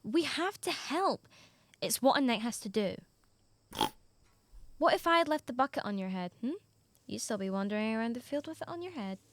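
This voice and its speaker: A woman voicing a brave, earnest young girl who wants to be a knight, in an animated story. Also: a little high, a little fast, long pauses, natural voice. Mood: determined. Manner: earnest, determined, bossy with her pig.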